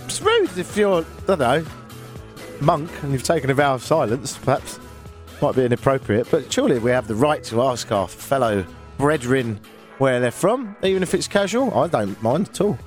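A man's voice: mid-range voice, animated, moderate pace, faint music behind. An English man hosting a call-in radio show, chatting in a wry, joking way and reading texts aloud. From England. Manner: wry, joking, self-mocking.

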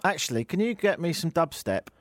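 A middle-aged radio host in casual talk, dry and self-mocking, with a rambling delivery. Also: male voice, a little high, very animated, fairly quick, dry recording. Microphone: studio mic.

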